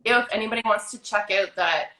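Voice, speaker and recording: Fast-talking Canadian woman host. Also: medium pitch, bright, forceful tone, reverberant. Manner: fast-talking, affirming with frequent yeahs. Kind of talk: casual chat.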